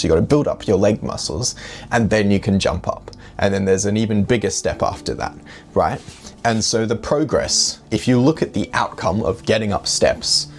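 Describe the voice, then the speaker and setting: A man's voice: lowish voice, darkish tone. A young adult man casually telling a personal story to camera, reflective and full of "you know" fillers. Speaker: dating vlogger.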